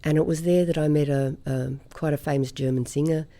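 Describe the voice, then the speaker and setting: A woman's voice: deep voice, fairly even intonation, dark tone. A middle-aged woman from Australia, a singer telling stories in a casual interview and laughing easily. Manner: chatty storyteller, quick to laugh.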